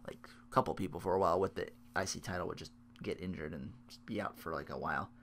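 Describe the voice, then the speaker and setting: A man's voice: low-pitched, fast talker, fairly bright tone, a little hiss or hum. A tired man hosting a solo podcast, rambling and interrupting himself as he recaps. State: sleep-deprived. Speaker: podcast host.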